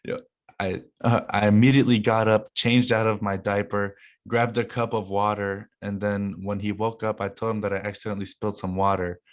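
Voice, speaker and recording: A young man co-hosting casually, telling animated stories and laughing often. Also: lowish voice, fairly quick. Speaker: co-host reading confessions. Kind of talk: casual chat.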